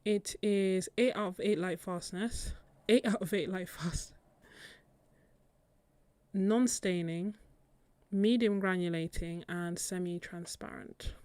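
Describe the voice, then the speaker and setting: A woman's voice: on the low side, takes it slowly, pauses often, dark tone, clear, resonant tone, no echo. A young British woman chatting casually on a live stream while she swatches paints, laughing often and thinking aloud. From Britain. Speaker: art channel host.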